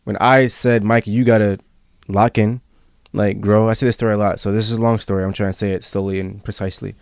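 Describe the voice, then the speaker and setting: A man's voice: on the low side, level tone, brisk, vocal fry, darkish tone, smooth, dry recording, studio quality. A young man hosting a podcast in casual chat, earnest and rambling as he tells a personal story. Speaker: podcast host.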